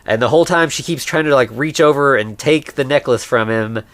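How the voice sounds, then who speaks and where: A man's voice: mid-range voice, a little fast, a bit bright, dry recording. A man co-hosting a podcast, casually recapping a film and acting out the characters' lines. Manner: acts out characters' lines while retelling the plot. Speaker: podcast co-host.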